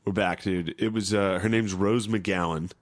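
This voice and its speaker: A man's voice: steady tone, normal speed. A man co-hosting a podcast, chatting crudely and profanely and laughing a lot. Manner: profane, laughing, mocks others in shrill voices. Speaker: podcast co-host. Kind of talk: crude casual chat.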